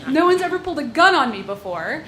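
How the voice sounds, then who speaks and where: A young woman telling a personal story to a live audience on stage, wry and self-mocking, with quick asides, on a stage mic. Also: high-pitched, big pitch swings, pushed and bright. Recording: echoey live venue with crowd noise.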